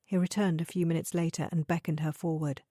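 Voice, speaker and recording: A woman reading an audiobook thriller in measured, even scripted narration. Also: low voice, dry recording, clean studio sound.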